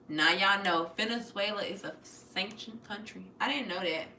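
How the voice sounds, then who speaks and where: A young American woman hosting a casual livestream, animated and profane, swinging between mutters and loud bursts. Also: medium pitch, moderate pace, few pauses, echoey room. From United States. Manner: profane, playful. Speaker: livestream host.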